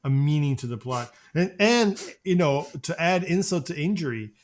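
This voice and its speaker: A man co-hosting a film review podcast, talking casually with animated, halting restarts. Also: fairly high pitch. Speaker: podcast co-host.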